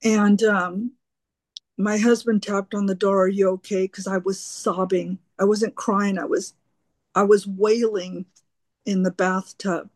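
At a twelve-step meeting, a woman earnestly and openly recounts her recovery, her slow, halting speech full of repetitions. Her medium-pitched voice is flat and a little mellow, captured in a dry, close recording with almost no room sound.

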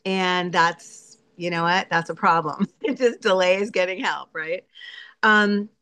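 A woman's voice: on the low side, steady tone, takes it slowly, pushed and bright, smooth. Candid chatty woman sharing her recovery story. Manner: candid, chatty, laughs often, acts out her own inner voice. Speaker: speaker sharing at a recovery meeting. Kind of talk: personal recovery share.

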